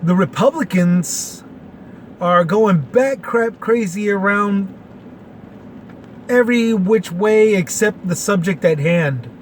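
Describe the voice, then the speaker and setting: A Texan man in his late forties hosts a casual opinion podcast, rambling in a folksy way with many fillers. His voice sits high and moves slowly, with slight background noise behind it.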